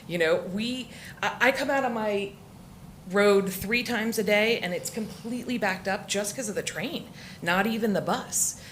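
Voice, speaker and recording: A woman from Florida speaking during public comment at a village council meeting. She sounds emotional and halting, with many restarts. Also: mid-range voice, fairly bright tone, slight background noise.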